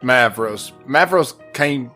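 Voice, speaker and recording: A man's voice: medium pitch, expressive, slow pace, sharp tone, soft background music. A man playing a tabletop game, asking playful questions. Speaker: player. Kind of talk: tabletop role-play.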